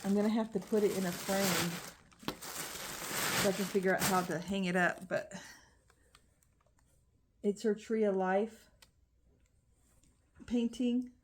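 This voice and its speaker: A woman's voice: medium pitch, fairly even intonation, unhurried, pauses often, slight background noise. Woman, crochet vlogger, casual phone-camera unboxing chat, crinkling packaging behind her. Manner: chatty, frequent ums and restarts.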